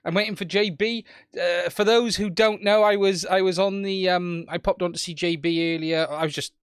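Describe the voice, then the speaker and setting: A man's voice: high voice, steady tone, moderate pace, clear, resonant tone, no room sound, clean studio sound. A man with a Welsh accent hosting a casual weekly live stream, standing and chatting with viewers by name. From Wales.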